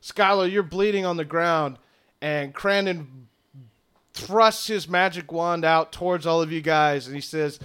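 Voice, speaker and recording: A man running a tabletop game as game master, narrating scenes in an unhurried way with fillers. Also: a little high, steady tone, a bit bright, smooth.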